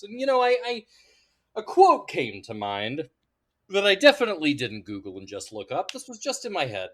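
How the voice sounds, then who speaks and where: Dude hamming it up as a movie-trial defense lawyer, bright, bouncy pitch. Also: male voice, huge pitch swings, normal speed. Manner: mock-lawyerly, playful, grandiose. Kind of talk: casual podcast debate.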